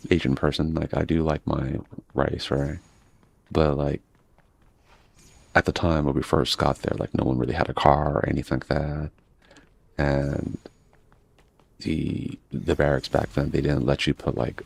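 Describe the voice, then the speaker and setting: A man's voice: extremely low pitch, vocal fry. A man chatting casually while he plays a game, meandering between stories and swearing freely. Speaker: gaming streamer. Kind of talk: casual rambling chat while playing.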